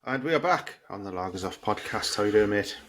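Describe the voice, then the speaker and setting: A man's voice: fairly low pitch, expressive, a little fast, fairly bright tone, a little hiss or hum. A man co-hosting a podcast in casual chat, joking and self-deprecating. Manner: laughs easily, self-deprecating banter. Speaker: podcast co-host.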